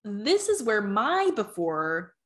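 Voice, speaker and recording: A woman's voice: mid-range voice, big pitch swings, slow, fairly bright tone. A young woman co-hosting a podcast, chatting casually and agreeably with lots of "like" fillers. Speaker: podcast co-host. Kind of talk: casual chat.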